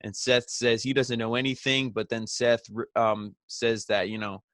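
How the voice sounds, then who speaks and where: A man's voice: medium pitch, steady tone, moderate pace, a bit bright, dry recording. Dry-sounding man recapping wrestling rambly. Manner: rambling, heavy use of "you know" and "he's like". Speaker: wrestling show reviewer. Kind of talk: casual recap monologue.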